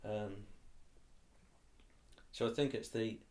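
A man's voice: on the low side, fairly even intonation, slow, darkish tone. An older man being interviewed, speaking thoughtfully and hesitantly, with restarts and tag questions. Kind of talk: reflective oral-history interview.

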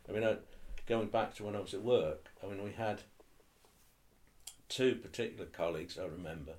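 A man's voice: lowish voice, a little fast, a little mellow. An older man being interviewed, speaking thoughtfully and hesitantly, with restarts and tag questions. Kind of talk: reflective oral-history interview.

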